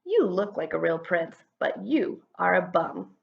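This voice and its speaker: A spirited young princess from a storybook, as a woman reads her aloud, shouting her lines high and eager with a lively, leaping pitch. A gravelly edge runs under the voice, and the sound is a little dull and lo-fi. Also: a little slow, heavily acted. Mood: scornful. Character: bold clever young princess.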